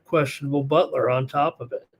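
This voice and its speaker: A hoarse man hosting a live sports betting show, thinking aloud through picks in a rambling, casual way. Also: mid-range voice, fairly even intonation, brisk. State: hoarse, losing his voice.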